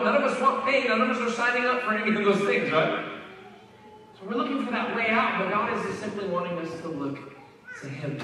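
A preacher with a high, bright, ringing voice talks to his congregation as if in conversation and often turns questions back to them. His quoted verses drop low and soft. The long reverb of the sanctuary and the distant mic fill the sound. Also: a little hiss or hum. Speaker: pastor. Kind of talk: sermon. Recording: echoey hall heard from a distance.

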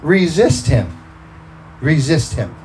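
Guy preaching, warm relaxed voice, gets loud and emphatic sometimes, bit of hiss in the background. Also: on the high side, slow, low-quality recording. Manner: conversational, quoting scripture, rising to emphatic bursts. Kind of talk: sermon.

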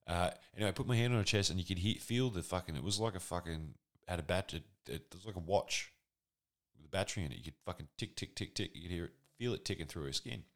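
A man in his forties with an Australian accent and an extremely deep voice, telling a rambling, profane, self-deprecating comedic story from his youth. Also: quick pace. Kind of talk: casual comedic anecdote monologue.

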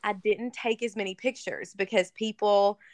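A woman's voice: medium pitch, fairly even intonation, moderate pace, darkish tone, dry recording. A woman guest in a conversation, telling an emotional personal story in a casual way with many fillers. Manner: casual, filler-heavy, earnest. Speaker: interview guest. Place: lives in Kentucky.

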